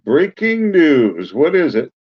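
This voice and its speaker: Brief: male radio co-host, a bit high-pitched, relaxed joker who cheers on listeners. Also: slow, slightly rough, muffled recording. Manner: easygoing, joking, cheering on listeners. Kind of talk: casual radio banter. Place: radio studio.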